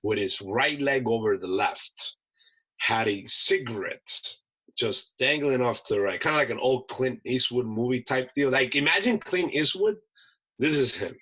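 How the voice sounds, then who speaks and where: An American Marine veteran chef, guesting on a podcast, tells animated stories in a bright, husky, mid-range voice at a moderate pace. He acts out voices and laughs often in this casual storytelling, captured on a low-quality recording.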